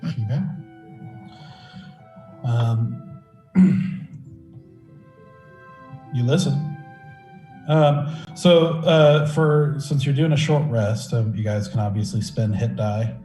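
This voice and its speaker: A man's voice: mid-range voice, very slow, pauses often, warm tone. A man running a tabletop game as game master, hesitant and full of fillers. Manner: hesitant, lots of fillers and restarts. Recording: echoey room with music bed.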